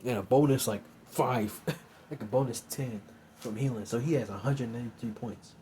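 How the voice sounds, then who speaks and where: A man's voice: mid-range voice, moderate pace, mellow, slight background noise. A young man casually improvising a fan story, rambling with lots of fillers. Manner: rambling, filler-heavy, says "you know what I'm saying" often.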